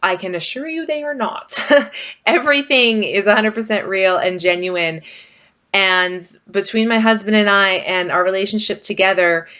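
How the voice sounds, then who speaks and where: A woman's voice: medium pitch, normal speed, pushed and bright. A middle-aged woman vlogger talking casually and rambling about her marriage, with frequent fillers. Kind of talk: casual personal talk to camera.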